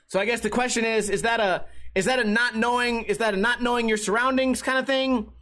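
A man's voice: very high voice, steady tone, a little fast, pushed and bright. A young man hosting a podcast on his own, telling stories in a rambling, profane, self-deprecating way. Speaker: podcast host. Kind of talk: casual solo podcast monologue.

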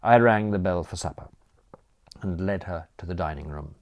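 A man reading first-person comic narration for an audiobook in a wry, animated manner. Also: low-pitched, normal speed.

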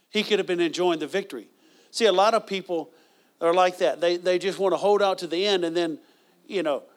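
High-voiced man preaching a sermon. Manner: conversational preaching with bursts of loud praise. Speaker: pastor.

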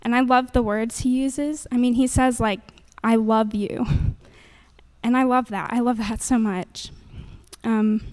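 A woman's voice: fairly high pitch, fairly even intonation, moderate pace. A young woman giving a nervous, earnest faith testimony into a handheld microphone at a church gathering, with many fillers.

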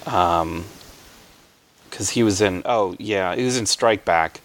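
A man hosting a film podcast, talking loosely with lots of ums and little chuckles. His voice sits low and has a gravelly, creaky edge. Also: slow. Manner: rambling, lots of fillers, chuckles often. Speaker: podcast host. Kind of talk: casual chat.

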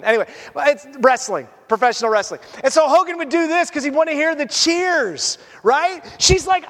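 A man preaching a sermon as a pastor, animated and conversational. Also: very high voice, brisk, few pauses, big-room sound.

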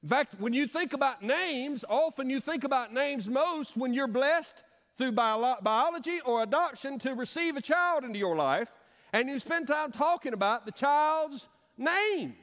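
A middle-aged man preaching a sermon as pastor, with dramatic pauses and emphatic repetition. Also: very high-pitched, expressive, a bit bright. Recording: long hall reverb.

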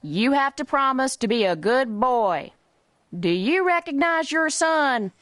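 A man's voice: very high-pitched, lively intonation, unhurried, fairly bright tone, no room sound, studio quality, voice pushed up, full character voice. A man imitating a condescending female police officer with a Texas accent, talking to someone as if to a child.

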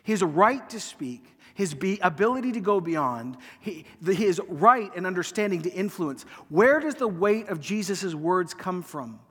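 A pastor preaching in a sanctuary, his voice sitting high for a man. He acts out the lines he quotes and lets many phrases fade to a near hush. A long reverb trails behind him through the hall. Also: animated, measured pace, few pauses, husky. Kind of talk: sermon.

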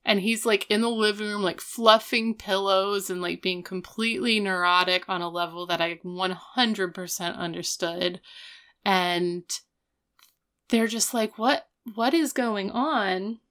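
A young adult woman co-hosting a podcast, retelling an episode in a fast, casual way full of "like" and acted quotes. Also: mid-range voice, fairly even intonation, a bit bright, clear, resonant tone. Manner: rapid, filler-heavy retelling with acted quotes. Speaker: podcast co-host.

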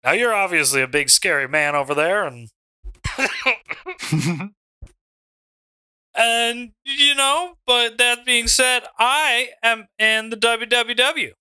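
A man's voice: very high-pitched, slow pace, pauses often, sharp tone, clear, resonant tone, no echo, heavily acted. A man voicing a cocky, boastful male pro wrestler with a raised, drawling Southern accent, in a wrestling tabletop game. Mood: smug. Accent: American Southern. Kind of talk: in-character wrestling promo.

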